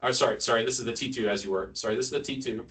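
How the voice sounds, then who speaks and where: A medium-pitched, fairly bright male voice races through a casual, humorous neurosurgery lecture for nurses, questioning the room and tossing in asides. The distant mic picks up audience murmur in the hospital lecture hall.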